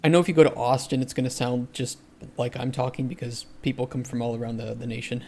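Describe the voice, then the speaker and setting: A man's voice: mid-range voice, flat delivery, fast talker, darkish tone, slight background noise. A man, an indie game developer, chatting casually on a livestream while he codes. He answers chat and often restarts his sentences.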